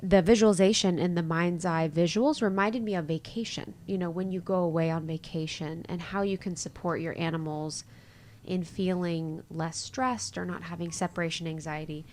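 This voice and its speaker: A woman hosting a podcast, chatting casually and getting animated when she tells her own stories. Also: lowish voice, moderate pace, slight background noise. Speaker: podcast host.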